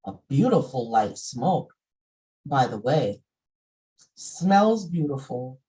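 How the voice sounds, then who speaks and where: A middle-aged woman shares spiritual lore about essential oils in a casual monologue. Her voice is warm and mellow, and she takes her time. Her folksy chat breaks now and then into emphatic bursts. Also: a bass voice, big pitch swings, slow pace, rough recording. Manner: folksy and conversational, with sudden emphatic outbursts.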